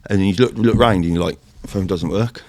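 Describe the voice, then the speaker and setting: Brit ex-marine guest, low voice, talks fast and swears a lot. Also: male voice. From United Kingdom. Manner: fast, sweary, animated storytelling in military slang. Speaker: podcast guest, former Royal Marine. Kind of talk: casual podcast chat.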